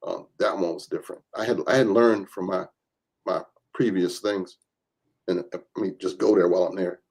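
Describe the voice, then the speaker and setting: This low-sitting male voice moves at a moderate pace, with vocal fry and a breathy edge. A reverend who advocates for gun rights, he tells stories in a podcast interview, animatedly performing the voices of those he quotes.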